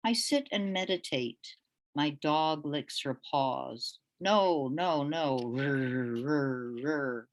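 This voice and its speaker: A woman giving a poetry reading as the featured poet, delivering her lines in a deliberate, measured way with pauses between them. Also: sits low. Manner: hesitant, with fillers, when speaking off the page.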